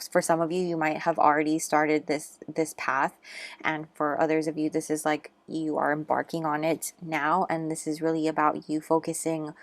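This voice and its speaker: A woman's voice: deep voice, vocal fry. A woman giving a casual, chatty tarot reading, earnest and encouraging, with lots of fillers. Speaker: tarot reader.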